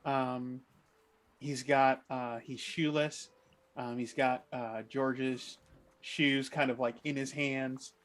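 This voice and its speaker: A man's voice: medium pitch, level tone, slow pace, a bit bright. A man playing a tabletop game, describing his character's actions in a hesitant, rambling way full of hedges. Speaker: player.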